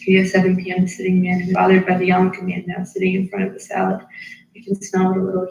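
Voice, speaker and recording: A woman's voice: lowish voice, monotone, fast, vocal fry, darkish tone. A tired woman reading her own diary aloud in an apartment, captured by someone else's livestream. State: tired after a long reading. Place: apartment room. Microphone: livestream captured by another person's device. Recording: roomy, slightly dull livestream audio.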